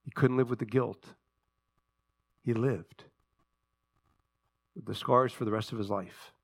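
A man preaching a sermon in a church. He speaks earnestly, builds to impassioned emphasis, then drops to a quiet, prayerful voice. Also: mid-range voice, fairly even intonation, unhurried, creaky. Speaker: pastor. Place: church sanctuary.

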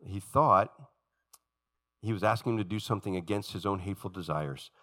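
A man preaching a sermon in church, animated and emphatic, acting out the voices of the story he retells. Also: deep voice, brisk. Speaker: pastor. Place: church sanctuary.

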